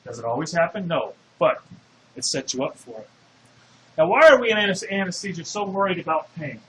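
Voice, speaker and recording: A man's voice: a little high, lively intonation, a little fast, a bit bright. A man giving a classroom lecture, explaining step by step and putting questions to the class. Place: lecture hall. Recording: echoey lecture hall.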